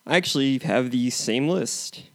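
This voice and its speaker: Male podcast co-host, fry-tinged mid voice, steady reader of notes and plugs. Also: medium pitch, a little slow. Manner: steady, reads prepared points and plugs. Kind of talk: casual movie review chat.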